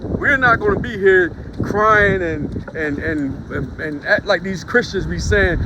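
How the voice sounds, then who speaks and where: High-voiced guy on the street, blunt and cussing, traffic noise all over. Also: expressive, measured pace. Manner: blunt, profane, casual. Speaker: street preacher. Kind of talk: street teaching. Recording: outdoor recording with loud traffic noise.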